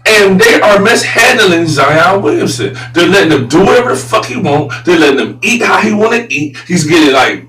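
A man hosting a casual sports talk show, blunt and profane, often turning loud and incredulous. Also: sits high, lively intonation, moderate pace, hardly any pauses, soft background music. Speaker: sports podcast host. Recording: roomy echo, voice a bit far from mic, faint hum.

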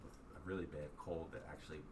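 A man's voice: rumbling low, steady tone, fast talker. A man hosting a podcast, telling a rambling, self-mocking personal story in casual chat with lots of fillers. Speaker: podcast host. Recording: distant mic, faint background hiss.

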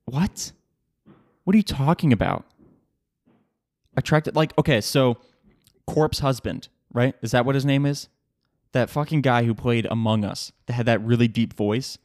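A man's voice: mid-range voice, measured pace, pauses often, no echo. A young man talks through a loose solo podcast episode from a home setup, rambling, cursing and laughing at his own tangents. His voice sits in a middle range and comes across close and dry on the microphone. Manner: swearing, laughing, animated rambling. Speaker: podcast host. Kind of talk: casual solo podcast rant.

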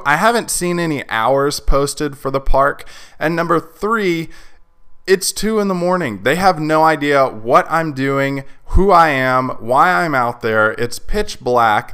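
A man's voice: fairly high pitch, measured pace, a bit bright, clear, resonant tone. A man hosting a podcast, telling a story in a casual, chatty way, full of "like" and "you know". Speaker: podcast host.

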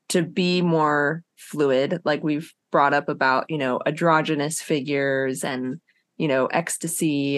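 Low-ish woman podcaster, slow and rambling, lots of "like", dry close mic. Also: no room sound. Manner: thoughtful, meandering, with many fillers and bursts of laughter. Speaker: podcast co-host. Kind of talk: casual conversation on psychology and myth.

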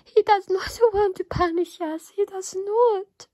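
A woman's voice: extremely high pitch, fairly even intonation, measured pace, hardly any pauses, warm tone, no room sound, rough recording. A woman giving an emotional religious testimony and prayer, tearful and pleading, often dropping to a whisper. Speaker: Christian believer giving testimony.

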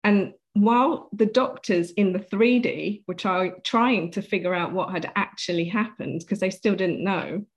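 Speaking in a mid-range voice at a measured pace with few pauses, a woman guest shares a personal story in an interview. She retells it earnestly and vividly, performing the dialogue.

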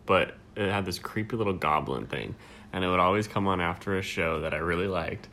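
A deep-voiced man in his thirties tells stories in a loose, casual chat. His tone is bright and clear for such a low voice. He swears freely and keeps it laid-back, with faint room noise behind him. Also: brisk. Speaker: co-host.

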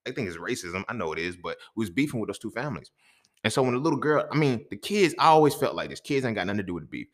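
Racing along in a lowish voice, a young adult podcast host tells a personal story. The delivery is loose, lively, foul-mouthed, and slangy.

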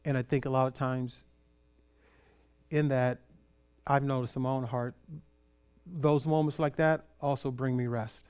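A man's voice: medium pitch, unhurried, pauses often, smooth. A middle-aged man from California, a pastor telling a story in a sermon and acting out the voices of the people he met. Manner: animated storyteller, acts out quoted voices.

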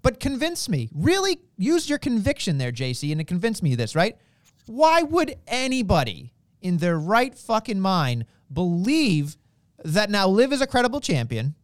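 A man in a casual podcast debate, skeptical and challenging. His pitch rises and falls in a lively, animated way. The sound is dry and close. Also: moderate pace, no echo. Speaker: wrestling podcast co-host.

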